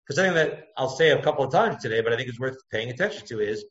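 A man giving a text-study lecture as a Torah teacher, thinking aloud, circling back to points and jumping his pitch up to act out quotes. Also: animated, very fast, a bit bright. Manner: thoughtful, digressive, acts out quotes with pitch jumps. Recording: echoey room, dull lo-fi sound.

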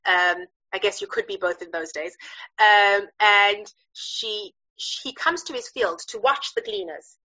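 A woman teaching a Bible story in a lively, chatty way, with frequent fillers and searches for words. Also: medium pitch, a little slow, dull audio. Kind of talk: animated storytelling lesson.

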